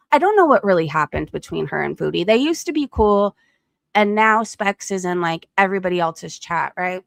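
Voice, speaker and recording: A woman's voice: mid-range voice, no room sound. Blunt, profane woman streamer, dry sound. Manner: blunt and profane, with frequent laughs. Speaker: live streamer. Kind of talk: casual gossip commentary.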